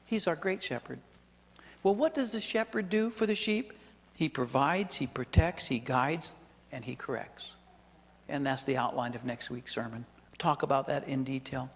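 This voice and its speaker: A man's voice: mid-range voice, moderate pace, creaky, long reverb tail. A male pastor preaching a sermon, talking conversationally with chuckling asides and questions to the congregation. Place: church sanctuary.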